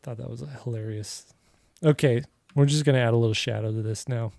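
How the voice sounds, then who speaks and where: A man draws on a livestream while chatting loosely, rambling through a story full of "like" and "you know." His medium-pitched voice is mellow, dark and gravelly, steady in tone and brisk in pace. The sound is dry and close, with no echo or room around it.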